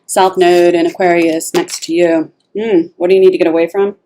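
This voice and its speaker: A woman giving a casual tarot reading, animated and blunt, swearing freely and laughing often. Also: fairly low pitch, normal speed, slight background noise. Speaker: tarot reader.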